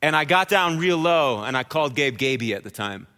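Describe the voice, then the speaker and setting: Male pastor, 30s, sermon, bright forceful voice, echoing hall. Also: mid-range voice, fairly quick, clean tone. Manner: storytelling, conversational and animated. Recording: hall reverb.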